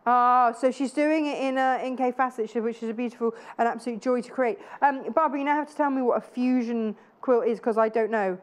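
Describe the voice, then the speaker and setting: A woman's voice: fairly high pitch, steady tone, a little fast, few pauses. A woman in her thirties presenting live TV sales in a chatty, gushing way with self-deprecating asides. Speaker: shopping channel presenter. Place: TV studio.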